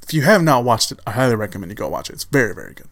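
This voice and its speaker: A man's voice: mid-range voice, very animated, very fast, a bit bright, no echo. A man hosting a solo film podcast in casual chat, rambling with restarts and fillers, laughing now and then as he enthuses. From Chicago area, USA. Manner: enthusiastic about films, laughs often. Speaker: podcast host.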